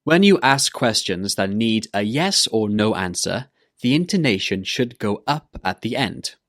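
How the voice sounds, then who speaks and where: A male pronunciation teacher talks slowly and deliberately, modelling example words and questions for listeners to repeat. His pitch moves in a lively way as he shows the intonation. The recording is dry and close. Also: no room sound. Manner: slow, careful modelling of words and questions for repetition. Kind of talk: English pronunciation lesson.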